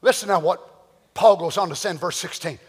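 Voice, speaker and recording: High-voiced preacher guy, bright and sharp, lots of questions at the crowd, echoey church. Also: a little fast, breathy edge. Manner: animated, rhetorical questions to the congregation. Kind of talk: sermon. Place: church sanctuary. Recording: long church-hall reverb.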